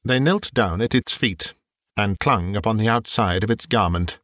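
A man narrating a classic story as an audiobook, in a measured, expressive way. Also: on the low side, no room sound, clean studio sound.

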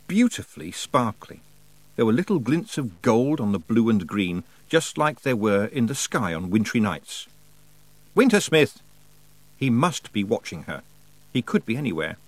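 A man reading a novel aloud as narrator, with measured, expressive storytelling. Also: mid-range voice, no echo, rough recording. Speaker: audiobook narrator. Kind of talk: scripted narration.

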